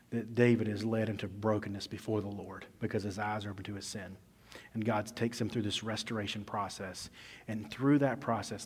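Husky-voiced man preaching a sermon. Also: on the low side. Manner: conversational storytelling preaching, varies loudness for emphasis. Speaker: pastor. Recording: echoey hall.

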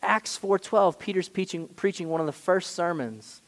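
A man preaching a sermon as pastor, emphatic, swinging between loud stresses and quiet asides. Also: sits high, moderate pace, big-room sound.

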